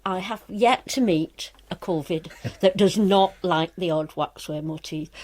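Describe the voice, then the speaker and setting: A woman scientist, a guest in a radio studio, explaining animal minds in a thoughtful, measured way. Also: fairly low pitch, darkish tone. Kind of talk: explaining in interview.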